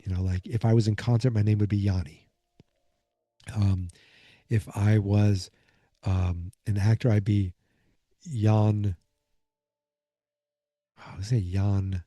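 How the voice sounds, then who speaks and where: A drowsy man hosts a podcast, recapping an episode in a loose, rambling way full of fillers. His voice is deeply mellow and dark, recorded dry with no room sound. He keeps fighting off yawns. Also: little pitch movement, slow, pauses often, no echo. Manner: rambling, lots of fillers and asides. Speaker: podcast host.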